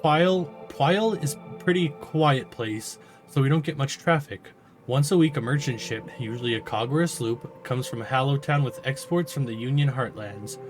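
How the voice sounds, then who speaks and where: A man's voice: medium pitch, moderate pace, soft background music, natural voice. A man reading out a sarcastic, fed-up female guild officer from a game, exasperated and swearing.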